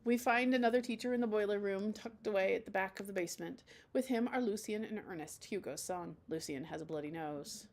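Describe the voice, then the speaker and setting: A woman's voice: mid-range voice, a little fast, a little mellow, a little hiss or hum. A woman streamer reading a dating game aloud, with casual, chatty asides between the lines.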